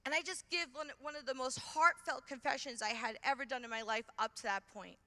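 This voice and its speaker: Woman, New York accent, middle-aged, animated testimony, bright tone, long hall reverb. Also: high voice, brisk. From Brooklyn, New York. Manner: animated storyteller acting out her own reactions. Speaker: conference speaker. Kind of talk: testimony talk. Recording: hall reverb from a large venue.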